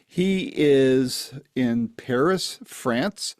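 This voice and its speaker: Folksy male podcast host, higher-pitched voice, dry and close. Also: animated, a little slow, dry recording. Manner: friendly, folksy, with promo asides. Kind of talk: podcast intro and interview. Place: East Tennessee, home setup.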